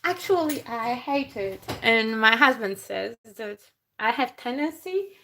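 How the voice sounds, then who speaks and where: A woman's voice: on the high side, expressive, bright, forceful tone, a little hiss or hum. A woman with a non-native English accent hosting a casual craft live stream, chatty and laughing as she works, with slushy sh sounds. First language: not English. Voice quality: slushy sh sounds, slow and halting. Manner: chatty, laughs often, talks while working.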